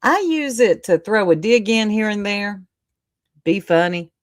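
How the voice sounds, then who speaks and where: A woman livestream host talks at an unhurried, easygoing pace, chatting casually with her viewers. She greets people by name and laughs often. Her voice sounds close and dry, with little room sound. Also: mid-range voice, expressive, no echo. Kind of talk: casual chat with live viewers.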